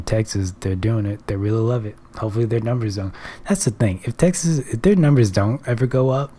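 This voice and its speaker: A young adult vlogger with a lowish, mellow voice talks to camera in a casual, rambling monologue. He's offhand, jokey and profane, often trailing off and starting over, with some swearing.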